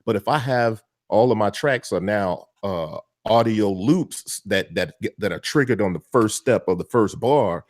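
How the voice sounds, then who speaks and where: A man co-hosting a podcast, talking casually about beat-making gear, relaxed and quick to laugh. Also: on the low side, no room sound, studio quality. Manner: relaxed, laughs easily, slangy. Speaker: podcast co-host, beatmaker. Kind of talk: casual chat about music production gear.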